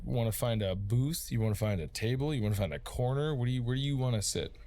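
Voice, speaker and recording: A man's voice: mid-range voice, fast talker, warm tone. A man narrating a tabletop game as game master, casual and rambling with lots of fillers.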